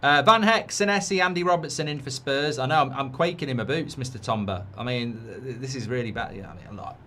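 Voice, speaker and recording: A man's voice: mid-range voice, fairly quick, bright, forceful tone, slight background noise. A man hosting a football watchalong, talking in a sarcastic, blunt, rambling way. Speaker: host.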